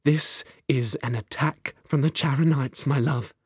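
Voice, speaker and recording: A man voicing a sharp-tongued fierce young queen. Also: a little high, fairly quick, no room sound, studio quality, pitched above the performer's own voice, natural voice. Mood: grave. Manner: cutting sarcasm, rising to cries. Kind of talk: audiobook character reading.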